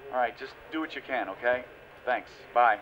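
An actor playing a decisive male leader speaking over a radio link, brisk and commanding. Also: medium pitch, muffled recording, slight background noise.

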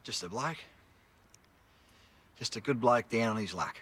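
An actor playing a crude, boastful Australian career criminal who swears constantly and bosses people around, in a film drama. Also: male voice, mid-range voice, expressive, a little slow, a bit bright, a little hiss or hum. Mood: mocking. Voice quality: coarse, swears constantly, bossy. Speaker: convicted criminal giving a television interview.

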